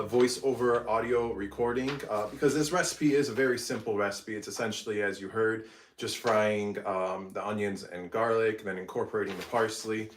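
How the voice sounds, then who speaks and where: A man with a low voice talks casually through a behind-the-scenes cooking vlog, reading recipe steps and redoing takes when he trips over a word. The sound is roomy and echoey, picked up from a distance in a home kitchen. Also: slight background noise. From Egypt. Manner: stops mid-phrase, laughs at his slips, redoes takes. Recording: roomy, mic some distance off.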